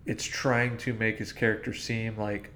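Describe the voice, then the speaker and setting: A man's voice: fairly low pitch, flat delivery, moderate pace, bright, forceful tone, slight background noise. A man co-hosting a casual film podcast and explaining points from what he has read.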